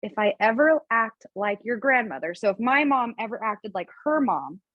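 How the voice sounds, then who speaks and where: A woman in her thirties with a husky, breathy voice talks candidly and emotionally about her family, her sentences full of restarts and "like". The recording is dry and a little dull, as if made over a remote setup. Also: fairly high pitch, expressive, no room sound. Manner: emotional, candid, fast-flowing with many "like" fillers. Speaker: podcast guest. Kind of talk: candid personal storytelling.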